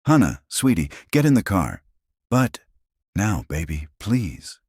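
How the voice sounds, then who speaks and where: A man's voice: deep voice, lively intonation, normal speed, darkish tone, no echo, studio quality, voice pushed up. A man voicing a desperate, heartbroken young mother who cries out in anguish, in a storytelling narration. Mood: urgent. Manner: tearful, raises her voice in anguish.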